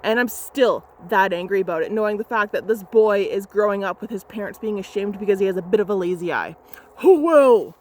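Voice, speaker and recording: A woman's voice: medium pitch, steady tone, fast talker, hardly any pauses. A young adult woman photographer retelling a client story in an angry storytime vlog, heated, emphatic and profane.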